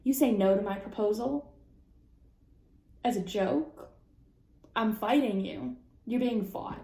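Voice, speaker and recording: A young woman vlogger chatting casually, reacting to online posts in an animated, profane way with sudden high-pitched outbursts. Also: a little slow, pauses often, reverberant. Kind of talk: casual chat.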